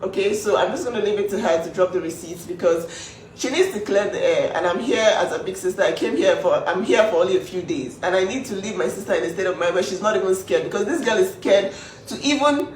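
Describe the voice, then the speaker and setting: A woman's voice: mid-range voice, fast talker, few pauses, recorded from a distance. A young woman speaks in a mid-range voice with earnest, indignant emphasis, defending her sister in a casual online video. She sounds set back from the mic in an echoey room, with a faint hum of ambience behind her. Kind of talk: casual social media video.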